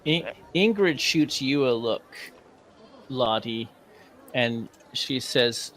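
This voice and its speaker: A man running a tabletop game as game master, relaxed and laughing, with plenty of hesitant pauses. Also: mid-range voice, a little hiss or hum.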